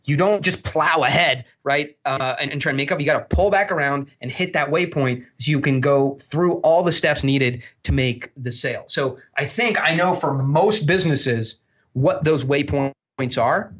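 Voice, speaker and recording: A man talking as a podcast guest, telling blunt, animated stories and swearing freely. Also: fairly high pitch, normal speed, highs cut off. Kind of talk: storytelling interview talk.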